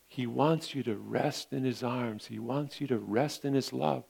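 A man's voice: mid-range voice, unhurried, gravelly, hardly any pauses, darkish tone, breathy edge. A male pastor preaching a sermon in an earnest, repetitive way, often calling his listeners friends.

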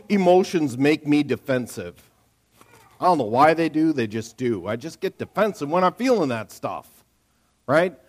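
A man preaching a sermon, joking with the congregation and breaking into sudden loud outbursts. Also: on the high side. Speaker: pastor. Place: church.

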